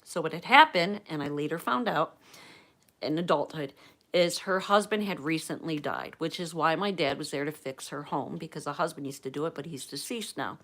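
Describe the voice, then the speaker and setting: Woman, livestream host, chatty storyteller, slightly low voice. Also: normal speed. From Pennsylvania, US. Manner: chatty, animated storytelling with acted-out quotes.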